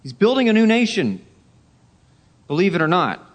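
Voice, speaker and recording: Emphatic high-voiced male preacher. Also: sing-song, moderate pace. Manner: emphatic, repeats key phrases, swings from loud to hushed. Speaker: pastor. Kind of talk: sermon.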